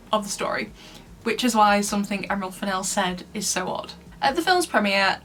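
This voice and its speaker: A woman's voice: medium pitch, fairly bright tone. A woman from Lancashire giving a casual review commentary in a chatty way, laughing often between points. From Lancashire, England. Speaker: book reviewer.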